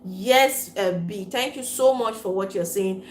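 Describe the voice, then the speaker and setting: A woman's voice: mid-range voice, a little slow. A woman with a Cameroonian accent hosting a casual livestream chat, reading out viewer comments, laughing often and mixing pidgin with English. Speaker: livestream host. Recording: roomy echo, faint room noise.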